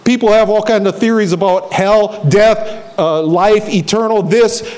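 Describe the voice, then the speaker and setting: Pastor guy preaching, pretty high voice, tells the story and does the voices, says things twice for emphasis. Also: fairly even intonation, unhurried, a little mellow. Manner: repeats key phrases for emphasis. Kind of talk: sermon.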